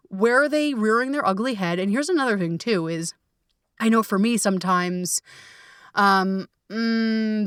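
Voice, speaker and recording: Casual woman coach-host, frank and profane, mid pitch, dry slightly off-mic sound. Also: no room sound, far from the mic. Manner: candid, swears freely, many fillers. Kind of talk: casual reflective coaching talk.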